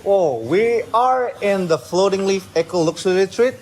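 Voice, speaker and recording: Indonesian-accented man, retreat staff, rapid speech with restarts, fairly high voice, faint background ambience. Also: expressive, a little hiss or hum, rough recording. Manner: fast-talking, hesitant restarts. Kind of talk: casual interview. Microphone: phone held nearby.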